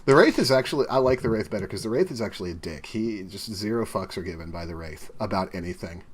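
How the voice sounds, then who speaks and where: A man co-hosting a casual gaming podcast, rambling in a relaxed way with plenty of fillers. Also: lowish voice, fast talker, slight background noise. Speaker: podcast co-host.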